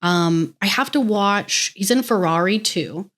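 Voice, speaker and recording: A woman's voice: medium pitch, unhurried, fairly bright tone. Young American woman, solo podcast host, chatty and effusive, loose rambling delivery, curses often. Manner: gushing, rambling, swears freely. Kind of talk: casual solo podcast chat.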